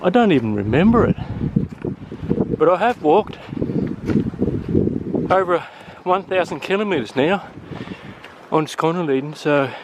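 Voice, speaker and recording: A man vlogging casually while hiking outdoors, out of breath, talking in a relaxed, hesitant way with many fillers. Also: fairly high pitch, a little slow, pauses often. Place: outdoors on a wooded trail. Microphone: handheld camera mic. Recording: wind noise on camera mic.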